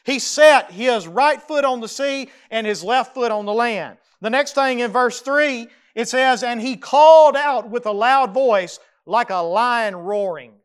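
A man's voice: very high-pitched, measured pace, hardly any pauses, clear, resonant tone. A man preaching a sermon. He speaks emphatically, repeats key phrases and adds folksy asides. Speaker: pastor.

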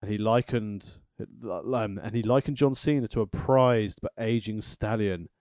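A man's voice: lowish voice, unhurried, darkish tone, no echo, studio quality. A man co-hosting a casual chat, cracking jokes, giggling, and reading from prepared notes. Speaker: podcast co-host.

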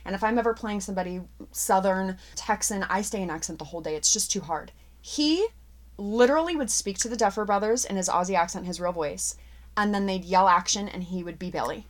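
A middle-aged woman, an actress, chatting in an interview, telling stories with animated laughter. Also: mid-range voice, fairly quick. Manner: animated, laughs often, expressive storyteller. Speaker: actress guest. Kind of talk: casual interview chat.

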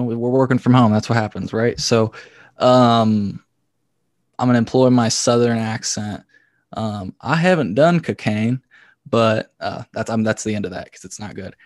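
A man's voice: fairly low pitch, dry recording, clean studio sound. A man hosting a casual talk from home, chatty and joking. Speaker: podcast host. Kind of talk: casual conversation.

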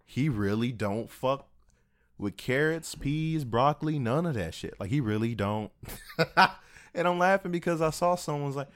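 A man's voice: medium pitch, expressive, moderate pace, dry recording. A man co-hosting a podcast in casual chat, laid-back, joking and profane. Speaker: podcast co-host.

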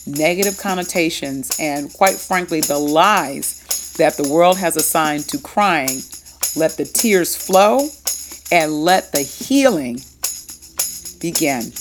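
A woman reading scripture and giving an earnest, emphatic devotional talk to her listeners, with drawn-out words and some fillers. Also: sits low, animated, over loud music. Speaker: devotional host.

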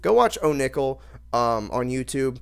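Casting note: young man, mid-pitched voice, loose profane rambling about gaming, casual chat. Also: normal speed, creaky, clean tone. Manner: rambling, profane, animated ranting.

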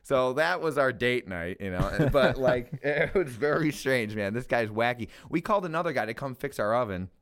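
Animated swearing man telling a story. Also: medium pitch, moderate pace, few pauses. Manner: animated, swearing, mimics people in exaggerated voices. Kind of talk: casual storytelling chat.

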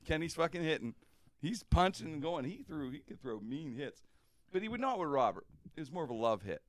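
A middle-aged man from Pennsylvania, a radio host telling a story in casual chat, animated and profane and laughing often. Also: fairly high pitch, fairly quick, no room sound.

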